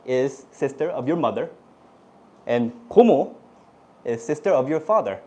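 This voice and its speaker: A middle-aged man with a Korean accent, whose first language is Korean, teaching Korean words to a class in a lively way. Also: mid-range voice, normal speed, slight background noise. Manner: animated, switches into cute playful put-on voices for examples.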